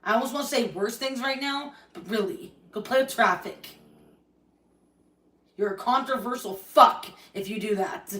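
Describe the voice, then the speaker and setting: A young adult woman rants on a live stream in a heated, profane, rambling way, her fairly high, slightly bright voice moving at normal speed. The mic is distant, so she sounds off-mic with a roomy echo.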